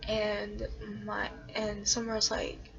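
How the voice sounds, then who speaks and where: A woman's voice: mid-range voice, completely flat delivery, slow pace, gravelly, a crowd in the background. A woman casually telling a story in a hesitant way, full of fillers. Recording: dull lo-fi recording.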